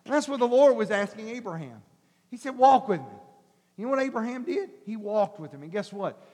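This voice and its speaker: Pastor, male, very high voice, animated sermon delivery, big hall echo. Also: brisk. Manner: animated preaching, acts out quoted voices with shouts and soft coaxing. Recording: long hall reverb.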